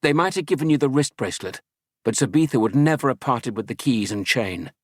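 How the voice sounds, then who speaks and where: A man's voice: medium pitch, animated, fairly quick, husky, no echo, studio quality, pitched above the performer's own voice. A man voicing a brave young woman who questions a threatening man tensely and defiantly.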